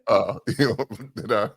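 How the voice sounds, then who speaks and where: A man's voice: fairly low pitch, gravelly. A man hosting a podcast in casual chat, laughing often and rambling through his intro. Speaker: podcast host.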